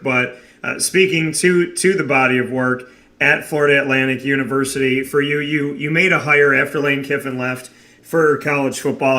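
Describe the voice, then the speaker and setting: A man hosting a sports radio interview with a bright, forward voice at an ordinary pitch. He talks in long, effusive, winding questions and praises his guest freely. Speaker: radio show host.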